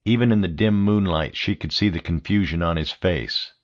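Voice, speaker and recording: A man narrating an audiobook thriller in a steady, measured reading. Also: sits low, muffled recording. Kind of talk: scripted narration.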